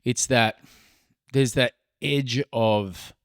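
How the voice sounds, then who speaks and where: A man's voice: medium pitch, fairly even intonation, no echo, clean studio sound. A middle-aged man with an Australian accent, telling stories in casual podcast chat and swearing freely. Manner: storytelling, swears freely, drawn-out pauses. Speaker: podcast co-host.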